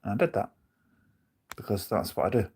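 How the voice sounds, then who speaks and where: Husky-voiced man chatting on a live stream. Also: on the low side, big pitch swings, brisk, a little mellow. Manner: rambling, opinionated, reads out chat comments. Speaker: bus-route live streamer. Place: on board a bus or coach.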